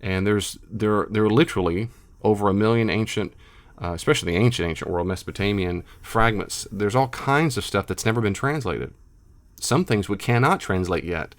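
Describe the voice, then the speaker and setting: Middle-aged male scholar, lower pitch, emphatic unscripted monologue with repetitions. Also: normal speed. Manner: emphatic, repeats himself, animated asides. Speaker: biblical scholar and lecturer.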